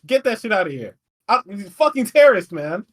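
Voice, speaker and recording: A man's voice: sits high, very animated, fairly quick, fairly bright tone. A man co-hosting a podcast, recapping wrestling in a casual, profane, rambling way with frequent laughs. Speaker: podcast co-host.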